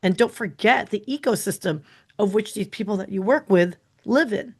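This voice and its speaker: A woman's voice: mid-range voice, moderate pace. A woman co-hosting a podcast in casual chat, with a wry, questioning way of talking. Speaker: podcast co-host.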